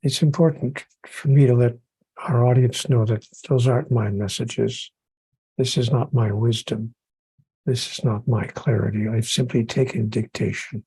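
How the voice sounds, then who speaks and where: A man's voice: medium pitch, fairly even intonation, moderate pace, mellow, husky, dry recording, poor audio. A man who is an author and podcast guest, speaking earnestly about spirituality and building his points through repetition.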